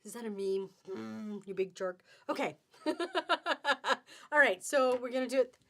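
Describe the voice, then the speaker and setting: A woman's voice: fairly high pitch, slow, a bit bright. A middle-aged woman hosting a live fabric sale on webcam, chatty and upbeat with sing-song exclamations. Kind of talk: live-stream selling chat.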